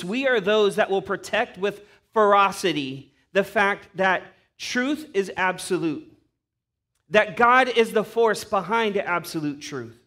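A man's voice: high-pitched, a bit bright. A man preaching a sermon as pastor, earnest and emphatic.

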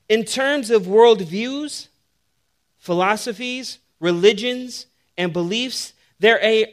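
High-voiced unhurried male preacher. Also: a bit bright. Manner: humorous, conversational, builds to emphatic points. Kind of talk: sermon.

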